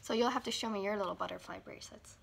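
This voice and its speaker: A woman librarian reading a picture book aloud to children in a slow, sing-song storytime manner, sometimes dropping into soft whispers. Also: mid-range voice, vocal fry, a little hiss or hum.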